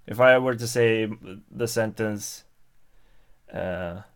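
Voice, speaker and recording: A man's voice: lowish voice, slow pace, smooth. A man with a Swedish accent chatting casually with viewers on a livestream, hesitant, with many fillers and restarts. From Sweden. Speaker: livestream host. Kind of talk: casual live-stream chat.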